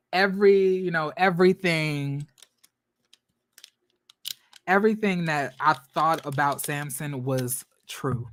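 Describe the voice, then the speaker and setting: A man vlogs reaction commentary in a sassy, slangy style, swinging between loud outbursts and muttered asides. His voice is a little high, with no echo.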